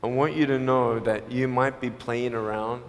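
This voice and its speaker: A man giving an earnest, personal inspirational speech to a live audience, mixing in quick jokes. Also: medium pitch, fairly even intonation. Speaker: motivational speaker. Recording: echoey hall with long reverb.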